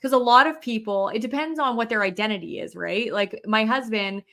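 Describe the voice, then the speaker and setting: A woman's voice: fairly high pitch, brisk, a bit bright. A young adult woman in casual chat, thinking aloud and reflecting, with fillers. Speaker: podcast co-host.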